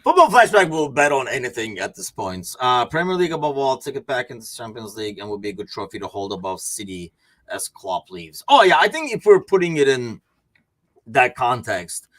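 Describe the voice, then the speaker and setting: A man's voice: medium pitch, very animated, brisk, a bit bright. A man hosting a casual sports podcast, rambling and laughing easily between points. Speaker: podcast host.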